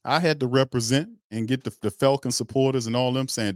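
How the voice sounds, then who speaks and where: A man's voice: mid-range voice, fairly quick, few pauses, no room sound, clean studio sound. Ranting man hosting a fan stream. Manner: blunt, ranting, mocking, with slang and cursing. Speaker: fan show host. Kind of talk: heated fan commentary on a livestream.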